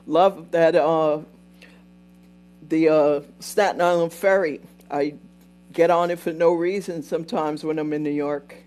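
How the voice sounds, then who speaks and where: Slow rambling woman telling stories on a livestream. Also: on the low side, mellow. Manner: meandering, breaks off to greet viewers. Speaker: livestream host retelling visions. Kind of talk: rambling live-stream storytelling.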